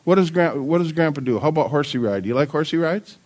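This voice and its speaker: A man's voice: on the high side, quick pace, dull audio. An older man preaching a sermon, firing rhetorical questions at the congregation and joking with his grandchildren. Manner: animated, asks the audience many questions. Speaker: pastor.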